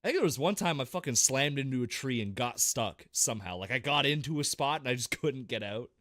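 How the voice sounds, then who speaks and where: A man co-hosting a casual gaming podcast, telling stories in an animated way and swearing constantly. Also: medium pitch, brisk, no echo, studio quality. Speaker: podcast co-host.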